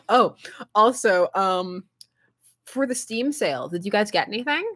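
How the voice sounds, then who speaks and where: A woman's voice: mid-range voice, sing-song, a little slow, pauses often, fairly bright tone, breathy edge. A young woman live streaming and chatting casually with her viewers, rambling and laughing often as she answers chat. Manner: reads and answers chat aloud.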